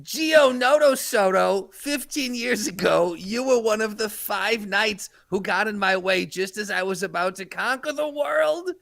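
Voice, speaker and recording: A man voicing an arrogant, vengeful male dark sorcerer in a comedic anime dub parody, with boastful taunts and drawn-out shouted spell names. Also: sits high, vocal fry, full character voice. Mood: menacing.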